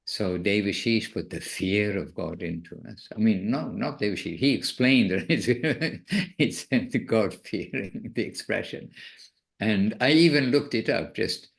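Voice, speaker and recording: A man who is a spiritual teacher, giving an informal devotional talk in a musing, gently self-correcting way. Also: on the low side, measured pace, creaky.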